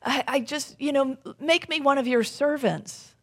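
A woman's voice: sits high, sing-song, slow, pitched above the performer's own voice, full character voice. Woman doing a pleading, remorseful young son. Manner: pleading, apologetic.

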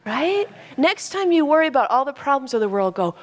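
A woman's voice: high-pitched, very animated, a little fast, few pauses. A woman minister delivering an earnest sermon that builds to fervent exhortation, telling stories along the way.

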